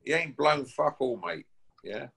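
A man's voice: on the high side, a little slow, gravelly, fairly bright tone, slight background noise. A man from Essex with an Essex accent, a guest boxer on a call, talking in a brash, taunting, swearing way. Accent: Essex English. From Essex, England. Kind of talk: casual call-out chat.

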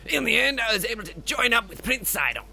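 A man's voice: very high voice, big pitch swings, fast talker, gravelly, pushed and bright, pitched above the performer's own voice, exaggerated voice. A man voicing a flamboyant male fish-man obsessed with diving, with a put-on Scottish accent and a grandiose, exclamatory manner. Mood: eager. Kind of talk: reading game dialogue aloud.

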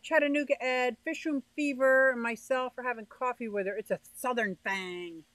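A woman's voice: fairly high pitch, a bit bright, no echo, poor audio. A woman hosting a casual livestream, chatting and greeting viewers by name as she reads their comments. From northeastern United States. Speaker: livestream host reading chat.

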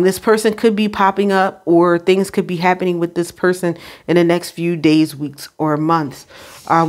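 A woman giving an intuitive spiritual card reading, speaking unhurriedly and checking in with the listener. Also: fairly low pitch. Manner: unhurried, frequent "all right?" check-ins; addresses the Holy Spirit aloud.

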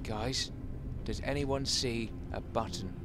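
A man giving jokey, excitable commentary as he plays a video game, chatting to his viewers and taunting enemies. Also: mid-range voice, takes it slowly, very noisy. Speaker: gaming YouTuber. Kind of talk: casual Let's Play commentary.

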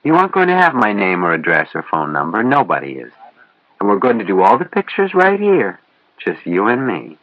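A man reading an audiobook, voicing a cool, mysterious young woman who speaks flatly and gives orders calmly. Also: on the low side, brisk, no room sound, muffled recording. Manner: flat and matter-of-fact.

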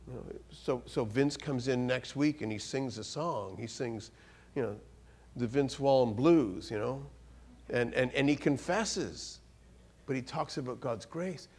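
A man giving a sermon in a church as a guest speaker, animated, with sudden rises in pitch and loudness, often repeating and restarting words. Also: unhurried, slightly rough.

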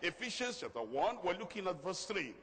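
A pastor preaching a sermon, emphatic, repeating key phrases and reading scripture slowly and loudly. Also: male voice, sits high, big pitch swings, slightly rough. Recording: long reverb of a large hall.

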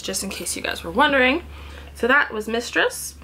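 A woman's voice: a little high, big pitch swings, normal speed, slight background noise. Chatty woman swatching lipsticks at home. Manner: chatty, thinks aloud, often drops to soft murmurs and whispers. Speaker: beauty vlogger. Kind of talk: casual product swatching vlog. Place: indoors at home, sitting on the floor.

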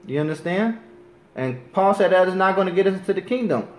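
A man delivers a Bible lesson in a somewhat high voice, earnest and insistent. He reads scripture slowly and deliberately, checking in with "you understand?" as he goes. The sound bounces around an echoey room. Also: lively intonation. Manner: keeps asking "you understand?". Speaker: bible teacher. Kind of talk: scripture teaching.

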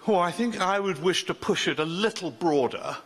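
An older man delivers a sermon in a bright, ringing voice. He talks loosely and conversationally, starting sentences over and joking with the people in front of him. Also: sits high, expressive, normal speed. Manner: chatty, self-interrupting, joking with the congregation. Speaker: preacher.

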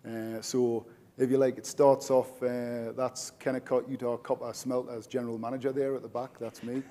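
A man's voice: medium pitch, little pitch movement, moderate pace, mellow. A man, a general manager, giving an informal conference presentation, chatty with frequent filler words.

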